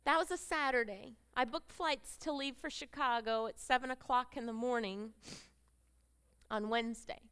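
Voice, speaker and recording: A woman's voice: a little high, fairly even intonation, moderate pace, fairly bright tone, smooth. A middle-aged woman giving a personal testimony to a women's gathering on stage, telling her story with feeling and acting out the dialogue. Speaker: speaker addressing a women's gathering. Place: stage presentation with slides.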